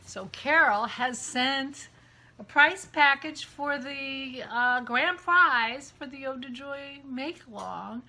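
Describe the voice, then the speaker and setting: A woman hosting a casual vlog, chatty and excitable, gushing as she talks. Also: high voice, slow pace. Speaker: podcast host. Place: outdoors walking a dog, then indoors.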